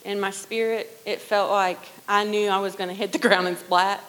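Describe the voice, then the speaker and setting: A middle-aged woman sharing a personal testimony in church, earnest and conversational, often dropping to a hushed voice. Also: mid-range voice, fairly even intonation, moderate pace, poor audio. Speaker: worship leader sharing testimony.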